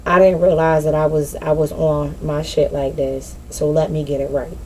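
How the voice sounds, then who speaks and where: A woman speaking off the cuff in a blunt, streetwise way, swearing freely as she talks things through. Her voice sits a little low and mellow. A faint outdoor hush sits behind her. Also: little pitch movement, moderate pace, a little hiss or hum, low-quality recording. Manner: blunt, profane, streetwise slang. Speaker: spiritual vlogger. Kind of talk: casual unscripted monologue. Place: outdoors in nature.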